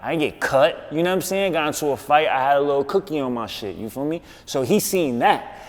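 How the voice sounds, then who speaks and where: A man with a New York accent, a guest on a podcast, telling a story in an insistent, animated way with street slang. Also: fairly high pitch, a little fast, long reverb tail. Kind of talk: casual podcast interview.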